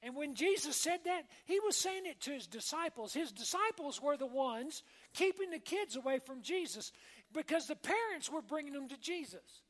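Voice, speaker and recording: A high-voiced woman pastor gives an animated sermon at normal speed, keeping it homey and conversational. Every so often she turns to the congregation with an "all right?" or an "amen?". Her words ring out with a long reverb, as though filling a large sanctuary.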